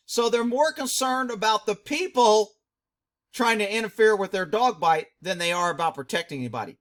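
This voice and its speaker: A man's voice: sits high, brisk, fairly bright tone. A middle-aged man, a former police dog handler, giving blunt, indignant commentary on a video.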